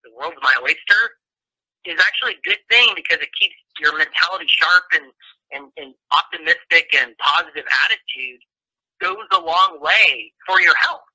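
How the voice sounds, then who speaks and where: A man's voice: on the high side, lively intonation, normal speed, sharp tone, slightly rough, poor audio. A man as a guest in an interview, talking casually and rambling with many restarts.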